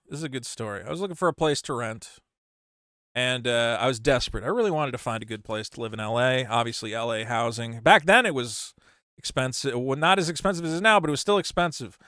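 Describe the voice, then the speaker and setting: A middle-aged man hosting a channel, frankly telling a story against himself in an animated way, often restarting his sentences. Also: mid-range voice, dry recording, clean studio sound. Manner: animated, frank, self-mocking, with frequent restarts. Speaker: channel host. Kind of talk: casual storytelling monologue.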